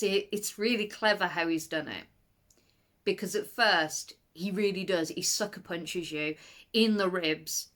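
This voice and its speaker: A woman chatting casually in a video book review, animated and rambling, with nervous laughs and sudden high-pitched exclamations.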